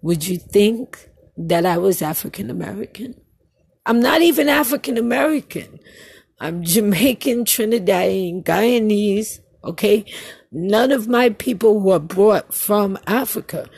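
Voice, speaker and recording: A woman from Brooklyn leaving a casual voice message, telling an animated family story and laughing often. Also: medium pitch, unhurried, gravelly, breathy edge, dry recording. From Brooklyn, New York.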